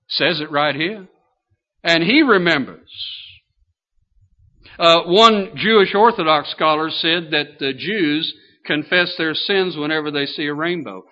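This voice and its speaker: An older man preaching a sermon in a folksy way, asking his listeners questions as he goes. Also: on the high side. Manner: folksy, asks the congregation questions. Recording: dull lo-fi sound.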